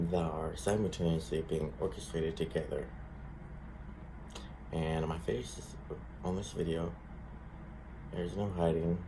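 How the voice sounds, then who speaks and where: A man's voice: deep voice, background noise. A man speaking casually to camera in a rambling monologue, swearing a lot and using many fillers, earnest and shaken. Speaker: vlogger.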